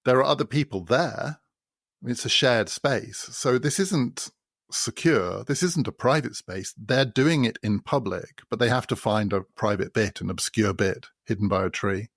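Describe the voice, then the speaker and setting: A man's voice: mid-range voice, measured pace, creaky, no room sound, studio quality. A man hosting a podcast, explaining a novel in a thoughtful way and building his points through repetition. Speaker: podcast host. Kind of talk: spoken literary commentary.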